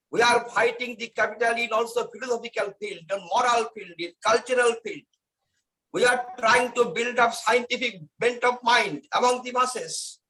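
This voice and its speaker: Indian accent guy on a video call, high bright voice, emphatic, keeps repeating himself. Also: rough recording. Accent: Indian English. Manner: emphatic, formal, repeats phrases. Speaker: guest speaker. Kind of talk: online Q&A talk.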